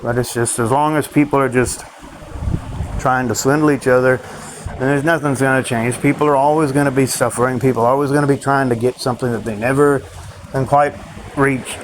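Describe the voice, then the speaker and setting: A man's voice: medium pitch, fairly even intonation, fairly quick, poor audio. A man ranting in a rambling vlog monologue, frustrated and swearing often, with faint vehicle noise behind him. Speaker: vlogger.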